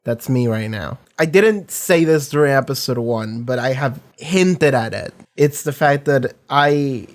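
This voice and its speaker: A man giving casual anime reaction commentary from a home setup, rambling excitedly with lots of fillers and swearing. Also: mid-range voice, measured pace, hardly any pauses.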